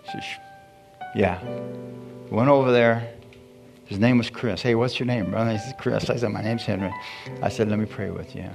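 Gravelly-voiced man preaching. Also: fairly low pitch, steady tone, normal speed, long pauses, faint music behind. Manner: folksy, repetitive, chuckles at his own stories. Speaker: pastor. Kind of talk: sermon with storytelling and prayer. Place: church.

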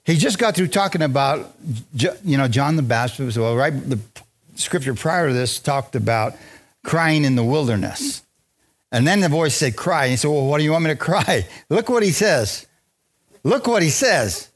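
A man preaching a lively, joking sermon in a church, drawing responses from the congregation. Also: on the high side, normal speed. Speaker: pastor. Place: church sanctuary.

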